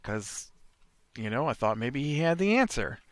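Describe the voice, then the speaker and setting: A man's voice: mid-range voice, big pitch swings, normal speed, no echo. A man hosting a let's play, telling a rambling story in casual chat while he plays. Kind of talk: casual chat while playing a video game.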